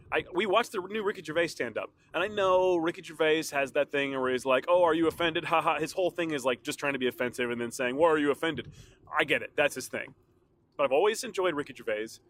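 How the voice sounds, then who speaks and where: A man's voice: on the high side, lively intonation, brisk, fairly bright tone. Chatty rambling man with a sore throat. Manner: rambling, chatty, laughs often. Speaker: podcast host. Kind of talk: casual solo podcast chat.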